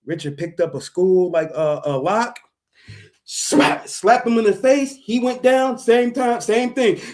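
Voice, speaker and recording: A man's voice: sits high, measured pace, darkish tone. A man telling a story in casual, profane chat, acting out sound effects and voices and laughing often. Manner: profane, slangy. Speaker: podcast co-host.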